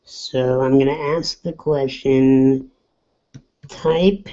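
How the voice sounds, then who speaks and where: Male webinar host, middle-aged, easygoing and upbeat; slow, mellow delivery on dull lo-fi web audio. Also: on the high side. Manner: upbeat, chatty, reads out names. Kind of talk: casual webinar welcome.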